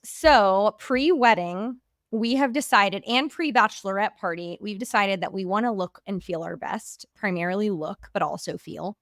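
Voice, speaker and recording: Bubbly young woman podcast host, smooth voice. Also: medium pitch, moderate pace, fairly bright tone, no echo, clean studio sound. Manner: bubbly, gushing, says "like" often. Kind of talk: casual podcast chat.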